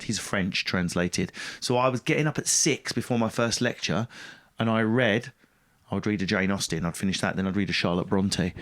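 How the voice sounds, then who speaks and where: A man telling his story as a podcast guest, blunt and self-mocking, swearing freely in casual talk. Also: fairly low pitch. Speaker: podcast guest, stand-up comedian.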